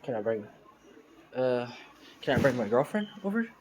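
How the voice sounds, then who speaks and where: Ein Mann, der einen lockeren jungen Freund des Helden in einer Fan-Geschichte spricht, munter und beiläufig. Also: male voice, medium pitch, big pitch swings, normal speed, background noise, natural voice. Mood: upbeat. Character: young man, the hero's easygoing friend.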